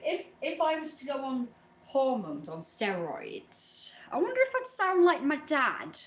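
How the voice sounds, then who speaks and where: A woman's voice: high-pitched, wildly swooping pitch, measured pace. A woman chatting casually in a vlog, rambling and self-deprecating. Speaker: vlogger.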